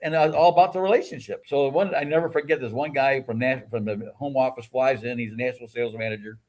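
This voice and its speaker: An older man, a guest and the host's father, telling energetic, boastful stories in casual chat. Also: medium pitch, quick pace.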